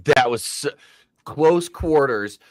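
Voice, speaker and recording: A man in a casual movie chat, enthusiastic and rambling, often pausing on fillers. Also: on the high side, lively intonation, dry recording, studio quality.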